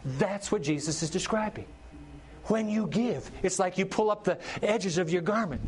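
A middle-aged pastor preaching a sermon, telling the story with animated delivery and acting out characters' lines. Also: male voice, high-pitched, moderate pace, slightly rough.

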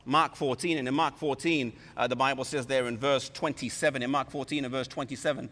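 A man preaching a sermon in an animated way, acting out scripture with voices. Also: mid-range voice, brisk. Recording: reverberant hall.

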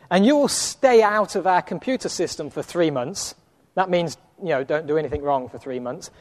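High-voiced English preacher in a reverberant hall. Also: male voice. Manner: storytelling, chuckles often, acts out dialogue. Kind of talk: sermon with personal stories.

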